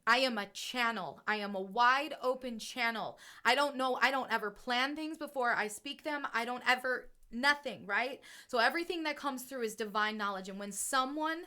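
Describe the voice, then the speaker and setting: Bright, earnest spiritual podcast woman. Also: fairly high pitch, clear, resonant tone. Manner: earnest and emotional, often tags "right?". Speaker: podcast co-host and self-described channel.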